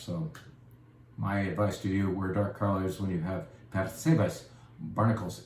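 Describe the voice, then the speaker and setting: Low-pitched and a little mellow, a man hosts a relaxed wine presentation as the shop's host, joking at his own expense in a chatty, playful way. The recording carries slight hiss or hum, echo, and faint room ambience.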